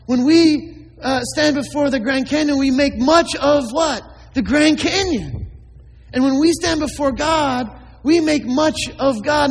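A man's voice: very high-pitched, long reverb tail, poor audio. A man preaching a sermon as a pastor, emphatic, with many rhetorical questions to the congregation.

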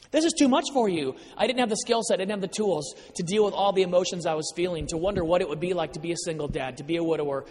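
A man telling his personal faith story to an audience with earnest storytelling, moving between excitement and quiet emotion. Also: high-pitched. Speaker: speaker sharing personal testimony. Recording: long reverb of a large hall.

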